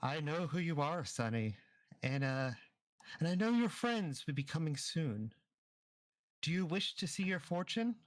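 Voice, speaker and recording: A man voicing an old woman fortune teller who speaks in slow, cryptic pronouncements over an online voice chat mic. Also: on the high side, lively intonation, no room sound.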